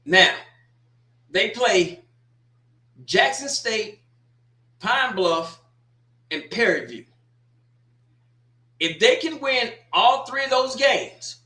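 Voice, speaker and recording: A man's voice: high-pitched, bright, forceful tone. Man, sports talk host, folksy and rambling, roomy echo. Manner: folksy, rambling, with frequent restarts and asides. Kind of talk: casual sports commentary monologue.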